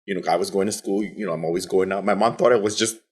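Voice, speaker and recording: A man's voice: rapid-fire, slightly rough. A man in his forties from Guam, co-hosting a casual podcast roundtable and telling stories with lots of acted-out quotes. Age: 40s. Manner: animated storyteller, acts out quotes in a high voice. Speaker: podcast co-host.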